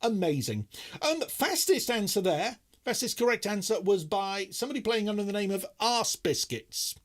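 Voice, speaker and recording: A man's voice: sits high, very animated, moderate pace. A middle-aged man hosting a live online quiz, reading questions with playful, self-mocking banter.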